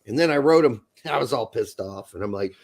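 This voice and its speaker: A man co-hosting a casual soccer talk show, profane and animated, bursting into loud mock rants. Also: mid-range voice, brisk, vocal fry. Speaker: podcast co-host. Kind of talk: casual chat.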